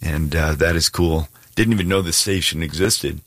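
A man's voice: rumbling low, moderate pace, a bit bright, dry recording, studio quality. A man hosting a Christian radio call-in show, encouraging and affirming each caller. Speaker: radio host.

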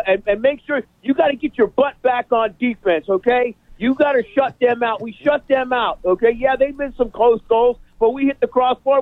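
A man's voice: very high-pitched, dry recording, voice pushed up. A man putting on a fired-up male sports caller who stammers, repeats himself and keeps asking "okay?". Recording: tinny phone-line sound.

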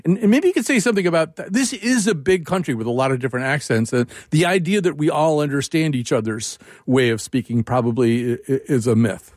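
A man hosting an interview about accents, talking in an animated, chatty way with frequent fillers. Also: a little high, a little fast, no room sound, studio quality. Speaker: host. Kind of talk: conversational radio interview.

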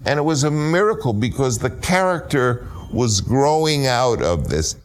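An older man, a film director, telling a personal anecdote with lively storytelling that acts out other voices. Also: normal speed. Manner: acts out other people's voices, jumping high for quotes.

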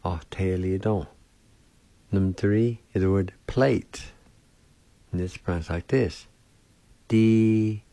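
Slow, deep-voiced man teaching words. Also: creaky, warm tone, no echo. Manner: slow, careful spelling and pronouncing of words. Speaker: language teacher and radio host. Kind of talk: radio language lesson.

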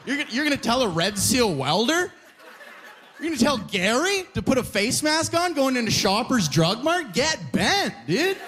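A man from Alberta, doing an animated, rambling stand-up set on a comedy club stage. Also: very high voice, moderate pace. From Alberta, Canada. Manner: animated, rambling, peppered with "you know".

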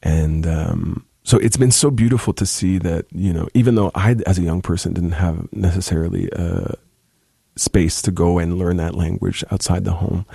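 A young adult man with a deep, gravelly voice, speaking as an interview guest in a thoughtful, halting way with many restarts. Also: warm tone, no room sound, clean studio sound. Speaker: musician guest. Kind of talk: casual interview talk.

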